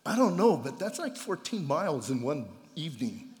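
Animated pastor with a high voice. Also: male voice, moderate pace, in a large hall. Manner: conversational, animated, acts out quoted dialogue. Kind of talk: sermon. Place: church.

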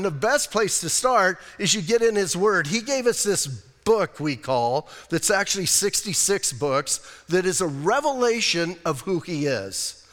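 A pastor with a high, slightly bright voice gives a conversational sermon to his church congregation. He keeps it plainspoken, casual, and self-deprecating, with the long reverb of the church hall around him.

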